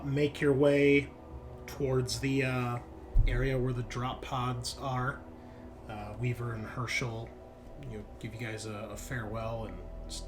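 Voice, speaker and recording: A man runs a tabletop game as its narrator, describing the scene in a loose, easygoing way with plenty of filler words. His voice sits at an ordinary middle pitch. Clear music plays behind him. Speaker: game master.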